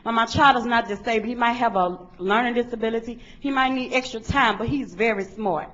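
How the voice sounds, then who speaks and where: Bright-voiced woman testifying earnestly. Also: on the high side, a little fast. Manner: earnest, plainspoken, repetitive. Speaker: parent giving public comment. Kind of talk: public testimony at a board meeting. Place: board meeting room. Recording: dull lo-fi meeting recording.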